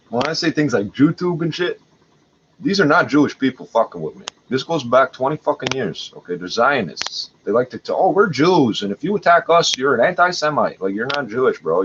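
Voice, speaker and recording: A man's voice: medium pitch, expressive, brisk. A man at home hosting a livestream, rambling in an agitated, profane way. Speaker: livestream host. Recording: dull lo-fi audio with faint noise.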